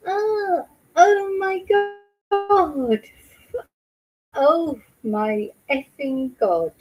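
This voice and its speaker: A woman's voice: high voice, drawn-out words, long pauses, darkish tone, poor audio. A woman vlogging her reaction to a news clip, emotional and angry, swearing in outbursts. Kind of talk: casual commentary.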